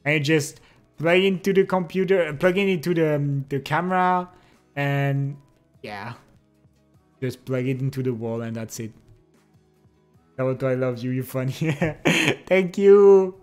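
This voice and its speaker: A young man chatting casually with his stream chat, relaxed and giggly. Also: fairly high pitch, measured pace, long pauses, clear, resonant tone, soft background music. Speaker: livestreamer. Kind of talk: casual chat reading and answering viewer chat.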